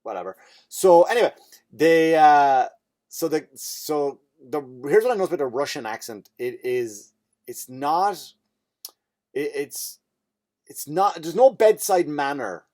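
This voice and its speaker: A man's voice: on the high side, sing-song, unhurried, darkish tone. Rambling Irish man telling a comic story. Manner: rambling, profane, self-interrupting. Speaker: comedian and podcast host. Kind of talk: comedic storytelling monologue.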